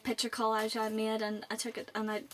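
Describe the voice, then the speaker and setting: A woman's voice: on the high side, completely flat delivery, a little fast. Chatty Northern Irish teenage girl. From Northern Ireland. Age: late teens. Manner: rambling and chatty. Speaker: vlogger. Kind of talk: casual chat to camera.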